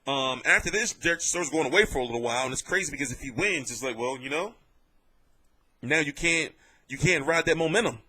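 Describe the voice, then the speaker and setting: A man giving casual vlog commentary on boxing, telling it in an animated, jokey and profane way. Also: a little high, quick pace, breathy edge.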